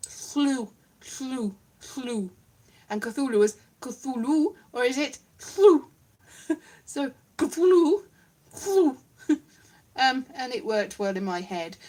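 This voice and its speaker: A woman's voice: high voice, big pitch swings, slow pace, long pauses, a little mellow. A woman at home giving a rambling, giggly comic monologue with puppets, often mocking herself. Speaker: comedian doing a solo online show.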